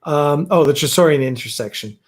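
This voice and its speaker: Male host, loose rambling delivery, somewhat higher pitch. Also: a little fast. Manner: rambling, many fillers and restarts. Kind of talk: casual livestream chat. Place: home, fireworks outside.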